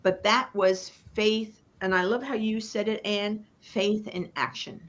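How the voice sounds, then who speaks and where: Guesting on a live online panel, this female business coach gives a motivational speech built on forceful, chant-like repetition and dramatic pauses. She speaks in a mid-range voice with fairly even intonation, and the recording's highs are cut off.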